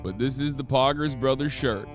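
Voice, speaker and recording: A man's voice: medium pitch, normal speed, faint music behind. A man livestreaming and chatting casually. He sounds exasperated, swears often and reads chat comments aloud. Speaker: livestreamer selling merch.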